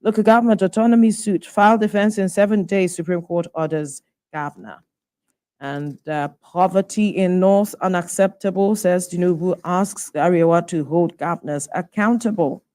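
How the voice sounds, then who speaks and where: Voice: mid-range voice, moderate pace, a little mellow. Presenter reading newspaper headlines.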